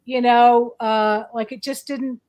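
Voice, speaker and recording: A woman's voice: fairly high pitch, fairly even intonation, slow pace, a little mellow. A woman chatting casually as a guest, rambling and hesitant, with many fillers. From northeastern United States. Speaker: psychic guest. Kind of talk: casual chat.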